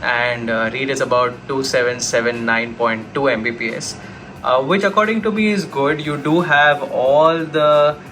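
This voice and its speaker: A man talks through a laptop review at his desk. His voice sits at an ordinary middle pitch. He keeps it casual and chatty, speaking straight to his viewers. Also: a bit bright. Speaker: tech YouTuber.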